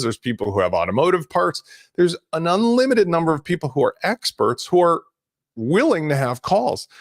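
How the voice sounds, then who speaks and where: A middle-aged man hosts a live business webinar with a slightly high, gravelly voice. His pitch swings a lot as he jumps energetically from one example to the next. The sound is dry and close, with no room echo. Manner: energetic, conversational, jumps between examples and screen-sharing. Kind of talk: casual live webinar teaching.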